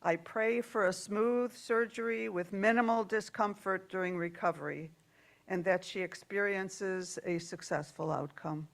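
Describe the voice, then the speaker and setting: A woman leading a church worship service, speaking gently and reading out joys and sorrows from the congregation. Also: medium pitch, steady tone, measured pace, creaky.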